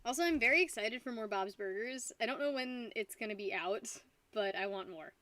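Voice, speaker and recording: A woman's voice: a little high, expressive, a little fast, a bit bright. A young woman streaming casually, tipsy from wine, rambling and giggling while talking to her dog. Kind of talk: casual live-stream chat.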